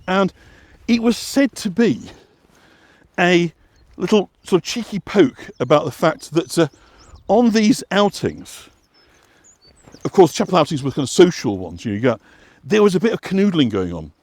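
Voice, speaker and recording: A man from West Yorkshire talks casually while walking outdoors along a path. His voice sits a little high and swings up and down a lot, and he rambles with many fillers and restarts. The sound is dry and close. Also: very animated, normal speed, darkish tone, dry recording. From West Yorkshire, England. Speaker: walking guide and vlog host.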